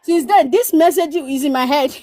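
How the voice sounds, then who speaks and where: A woman's voice: high-pitched, normal speed, dark tone, a little hiss or hum. A woman from Nigeria chatting on a live stream, telling stories animatedly and repeating phrases for emphasis. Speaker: guest. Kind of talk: casual storytelling chat.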